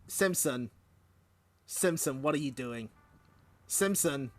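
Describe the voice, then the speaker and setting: A man hosting a stream, reading a comic aloud in an animated way and laughing often between lines. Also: mid-range voice, measured pace, long pauses. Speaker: stream host.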